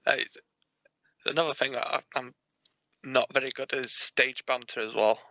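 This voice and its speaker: A man speaks slowly and haltingly, full of fillers and restarts. His voice is gravelly yet very bright. The sound is dull and lo-fi. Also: medium pitch, fairly even intonation, no echo. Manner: halting, many fillers and restarts, laughs often. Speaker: musician guest. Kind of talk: casual podcast chat.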